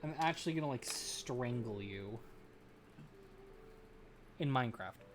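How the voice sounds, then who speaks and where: A woman livestreaming casually while she builds a model kit, ranting and swearing, jumping from loud outbursts to low muttering. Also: expressive, unhurried. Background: background music.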